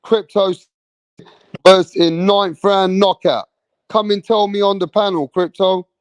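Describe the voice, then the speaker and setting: A rowdy young man hosts a loose live chat, reading out comments and cursing freely. His voice sits high for a man and sounds close and dry, with no room around it. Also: fairly even intonation, a little slow, no room sound. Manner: rowdy, swears a lot, reads out chat. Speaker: livestream host.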